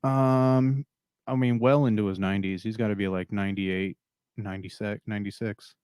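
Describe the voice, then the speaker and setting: A man's voice: fairly low pitch, fairly even intonation, moderate pace, a little mellow, clear, resonant tone, no echo, clean studio sound. A man hosting a podcast, chatting casually and crudely, swearing and teasing his co-host. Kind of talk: casual chat.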